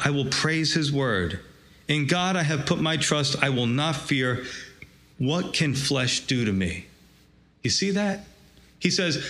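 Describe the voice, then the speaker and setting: A man with a fairly high voice preaching a sermon in a relaxed, conversational way. He reads scripture aloud between his own remarks. He keeps turning to the congregation with rhetorical questions and folksy asides. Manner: informal and folksy, addressing listeners as "gang". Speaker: pastor.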